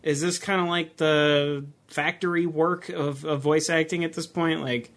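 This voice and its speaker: A man's voice: on the high side, fairly even intonation, measured pace, fairly bright tone. A man hosting a casual interview, chatty and rambling, often laughing between his points. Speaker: interview host.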